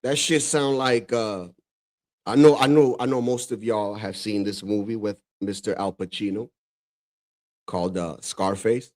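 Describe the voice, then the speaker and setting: A man's voice: lowish voice, steady tone, a little slow, a little mellow. A man from the Dominican Republic hosting a stream, reacting to clips in loose, profane chat full of "bro" and frequent laughter. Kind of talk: casual reaction commentary.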